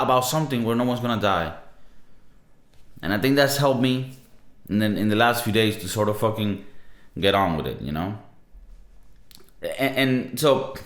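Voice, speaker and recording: A man's voice: lowish voice, fairly bright tone. A man in his thirties hosting a casual solo podcast, talking in a laid-back, profane, rambling way. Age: 30s. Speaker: podcast host. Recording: roomy echo.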